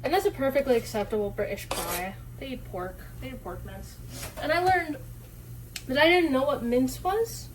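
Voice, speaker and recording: Woman, high voice, casual cooking vlog, rambling, self-mocking, swearing, kitchen, loud chopping noise. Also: animated, normal speed. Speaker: streamer and cooking vlogger. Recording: noisy kitchen with chopping sounds.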